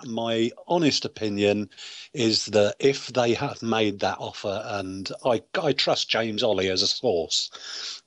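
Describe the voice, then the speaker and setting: Brief: lower-voiced man, thoughtful and measured, dry remote-call sound. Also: no echo. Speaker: podcast panelist. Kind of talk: casual chat.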